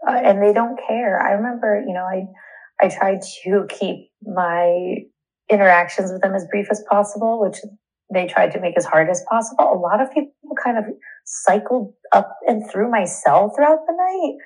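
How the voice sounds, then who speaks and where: In an interview, a young woman gives a candid, indignant account of her own experience, halting and restarting as she goes. Her mid-range voice is husky with a darkish tone, and the recording is rough.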